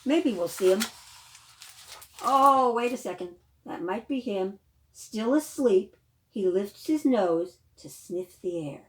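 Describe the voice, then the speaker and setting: A woman librarian leading a children's storytime, reading a picture book aloud with animated questions to the young listeners. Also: mid-range voice, slow. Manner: animated, questions to the children, gasps and sing-song.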